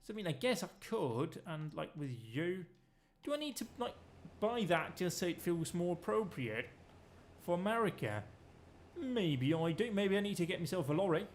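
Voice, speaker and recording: A man's voice: sits high, lively intonation, moderate pace, a little hiss or hum. A man giving rambling, jokey let's-play commentary while streaming a farming game, swearing freely.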